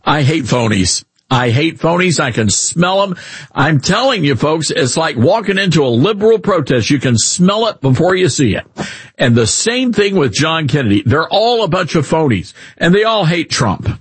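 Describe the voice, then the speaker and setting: Man, Southern accent, talk radio host, ranting, lively swooping voice, very husky. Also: fairly high pitch, moderate pace, no echo. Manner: ranting, sarcastic. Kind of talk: opinionated talk radio monologue.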